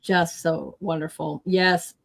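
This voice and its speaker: Casting note: middle-aged female host, effusive and gushing, slightly low pitch. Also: flat delivery, takes it slowly, creaky. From United States. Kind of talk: casual chat.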